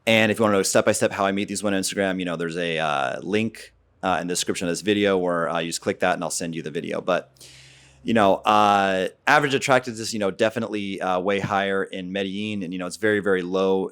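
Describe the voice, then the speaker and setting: A man's voice: low-pitched, fast talker, fairly bright tone. An American man ranting bluntly and off the cuff as the host of a dating vlog, opinionated and rambling. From United States. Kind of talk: casual off-the-cuff vlog rant.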